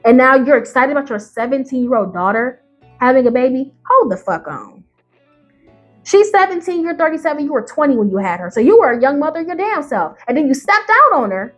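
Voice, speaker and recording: A woman YouTuber giving ranting reaction commentary on Reddit stories, profane and emphatic, firing off rhetorical questions. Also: sits high.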